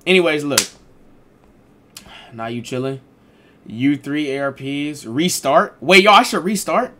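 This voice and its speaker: A young adult man streamer telling a casual storytime, animated, slangy and profane. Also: on the high side, unhurried, slight background noise.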